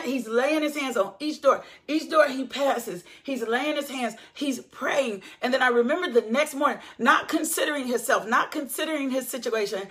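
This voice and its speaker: Impassioned high-voiced woman preaching. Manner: impassioned, repeats phrases, calls out to listeners. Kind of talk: sermon testimony.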